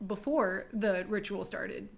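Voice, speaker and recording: A woman's voice: mid-range voice, slow pace, gravelly. A woman playing in a tabletop game, giggly and hesitant. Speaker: player. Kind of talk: casual tabletop play.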